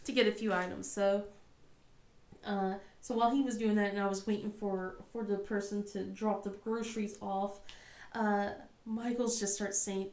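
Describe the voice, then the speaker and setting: A woman's voice: on the high side, moderate pace. A woman in her thirties chatting casually as a crafting vlogger, rambling with lots of fillers and laughing often. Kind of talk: casual chat. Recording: echoey room.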